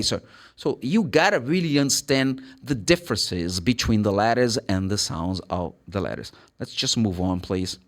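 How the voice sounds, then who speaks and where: A man's voice: lowish voice, moderate pace. Brazilian guy teaching english pronunciation, voice jumps up and down a lot, sounds out letters one by one. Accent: Brazilian Portuguese. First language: Brazilian Portuguese. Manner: animated, spells out letters and sounds. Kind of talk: pronunciation lesson.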